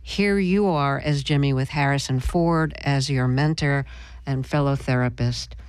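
A woman hosting a radio interview and asking measured, thoughtful questions. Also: rumbling low, a little mellow, smooth, no room sound.

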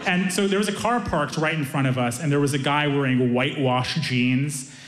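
A man telling an animated story on stage as a stand-up comedian. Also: fairly high pitch, normal speed. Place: comedy club stage with a live audience. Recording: echoey room with crowd laughter. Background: audience laughing.

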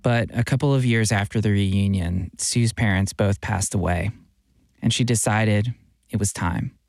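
A man giving a scripted radio narration in a measured, steady voice. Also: on the low side, vocal fry, dry recording, studio quality. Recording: music bed under the voice.

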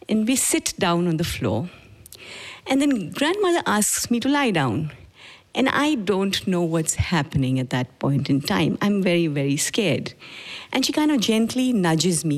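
Grave Indian woman telling her story. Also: fairly low pitch. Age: 40s. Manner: measured, halting, grave storytelling. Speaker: speaker telling a personal story. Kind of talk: personal testimony talk.

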